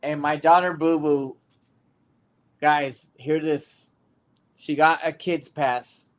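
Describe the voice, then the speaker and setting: Guy hosting a sports podcast, kinda high voice, chatty and animated, lots of ums. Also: takes it slowly. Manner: animated storyteller, trails off with fillers. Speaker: podcast host. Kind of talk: casual sports podcast chat.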